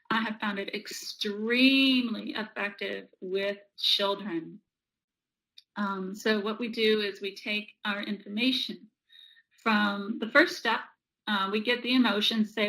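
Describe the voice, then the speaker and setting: A woman presenter and author teaching a calming technique in an energetic way, often checking in with "right?". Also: a little high, low-quality recording. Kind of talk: instructional presentation.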